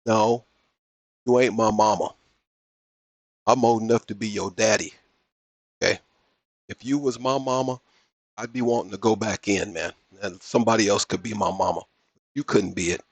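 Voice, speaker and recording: A man hosts a reaction commentary, mocking and blunt, with plenty of slang. His voice is husky and a bit low. The sound is dry and close, with no room around it. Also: moderate pace, pauses often, dry recording. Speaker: commentary host.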